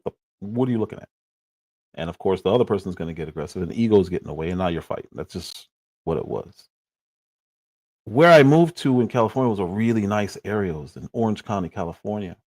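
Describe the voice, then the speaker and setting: A man from Chicago hosts a livestream and tells a story from his own past. His voice sits low but swings widely in pitch. He laughs often and acts out the lines he quotes. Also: darkish tone, husky. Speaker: livestream host.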